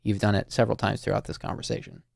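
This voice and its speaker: Low, gravelly male call-in host. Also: huge pitch swings, no echo, studio quality. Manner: slow, thoughtful, with many fillers and restarts. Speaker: host of a listening call-in show. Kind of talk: reflective, gentle conversation with a caller.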